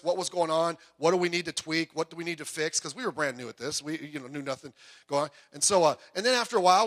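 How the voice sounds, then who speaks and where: Bright, high-voiced man preaching conversationally. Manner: conversational preaching with asides and anecdotes. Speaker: pastor. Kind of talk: sermon. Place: church sanctuary. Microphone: PA microphone heard through speakers.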